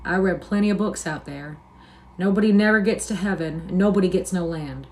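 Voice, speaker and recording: A woman's voice: on the low side, natural voice. A woman reading aloud and voicing a lonely, scornful older male stable hand with a drawling, persuasive manner. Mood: brooding, persuasive. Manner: drawling, persuasive, slow musing.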